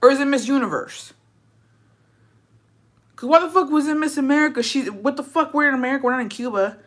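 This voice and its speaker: A woman's voice: sits high, a little fast. A young woman hosting a casual gossip chat, ranting with plenty of swearing and rhetorical questions. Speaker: host.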